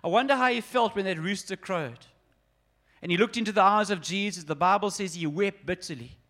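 High-voiced earnest preacher man, forties. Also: brisk, a bit bright. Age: 40s. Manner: earnest, emphatic, addresses listeners directly. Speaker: pastor. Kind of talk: sermon.

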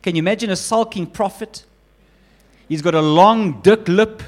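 A man preaching a sermon with emphatic, animated delivery, often building up repeated lists. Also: high voice, normal speed. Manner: acts out quoted voices of God and Jonah.

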